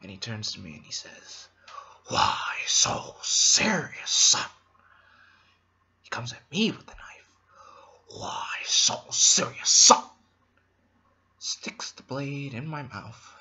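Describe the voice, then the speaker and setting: A man voicing an unhinged, menacing male criminal clown in a low, raspy half-whisper. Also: big pitch swings, takes it slowly, long pauses, pushed and bright, full character voice.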